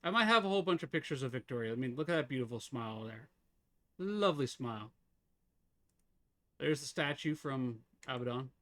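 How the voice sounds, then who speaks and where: A man's voice: mid-range voice, animated, a little fast, pauses often, a bit bright. A man streaming a game live, chatting casually with viewers, teasing them and laughing often.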